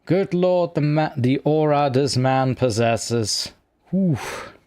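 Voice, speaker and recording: A man's voice: a little high, slow, clean tone, dry recording. Rambling male streamer on a dry mic. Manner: rambling, self-mocking, talks to himself while fiddling with software. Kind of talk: casual live-stream chat.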